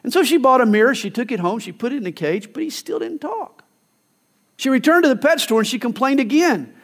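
A man's voice: extremely high pitch, expressive, fairly quick, fairly bright tone. A male pastor preaching a sermon, emphatic, telling stories and acting out quoted lines. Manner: emphatic, storytelling with acted quotes.

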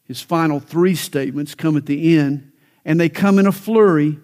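A man's voice: fairly high pitch, moderate pace, darkish tone. Fervent storytelling preacher, a man. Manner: storytelling with jokes, rising to fervent emphasis. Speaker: pastor. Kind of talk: sermon.

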